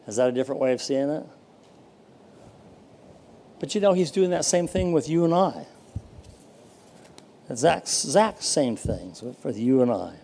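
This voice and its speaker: An older male pastor preaching a sermon in a folksy storytelling way, full of pauses. His voice sits a touch high for a man, with a mellow, warm tone. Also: animated.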